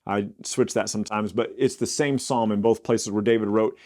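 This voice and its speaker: A man teaching a casual Bible study, explaining scripture in plain everyday words, sometimes pausing with fillers or correcting himself. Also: lowish voice, steady tone, darkish tone. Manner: occasional fillers and self-corrections.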